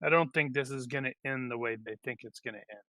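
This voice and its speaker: A man's voice: mid-range voice, fast talker, bright, forceful tone, dry recording. A man playing a tabletop game and joking around with his group. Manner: playful, jokey. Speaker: player.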